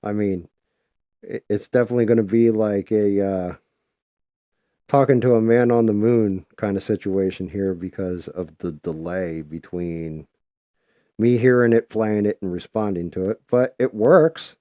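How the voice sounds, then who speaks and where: A man hosts a casual live stream, talking loosely and cursing freely as he paints. His voice sits on the low side with a mellow, relaxed tone. The sound is dry and close. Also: a little slow, no echo. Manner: loose, chatty, swears freely. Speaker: livestream host.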